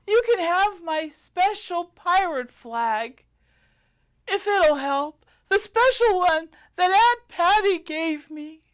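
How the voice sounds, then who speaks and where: Woman, earnest sweet pirate, very high, lively. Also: slow, few pauses. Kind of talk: improvised pirate comedy skit.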